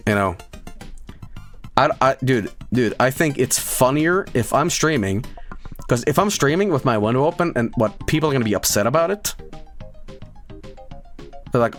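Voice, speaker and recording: A young man streaming live, chatting casually and profanely, rambling through anecdotes and slipping into silly high voices. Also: animated, moderate pace, long pauses, soft background music.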